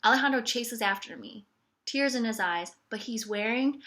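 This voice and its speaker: A woman's voice: a little high, moderate pace, bright, forceful tone. A woman telling a personal story on her podcast in a candid, sarcastic way, full of casual fillers. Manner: candid, wry and sarcastic, repeating 'it's okay' ironically; conversational with frequent 'like' and 'you know'.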